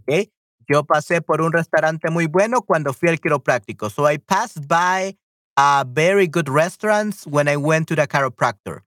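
A woman teaching a live-streamed language lesson, patiently repeating phrases slowly and translating them. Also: deep voice, fairly bright tone, no echo, clean studio sound. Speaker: Spanish teacher on a livestream.

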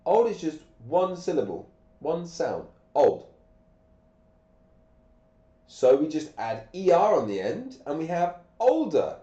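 Sick teacher with a dark voice. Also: male voice, fairly high pitch, sing-song, takes it slowly, pauses often. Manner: patient, explains step by step with questions. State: sick and coughing. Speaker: English teacher. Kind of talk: live-streamed grammar lesson. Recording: echoey, dull lo-fi room sound.

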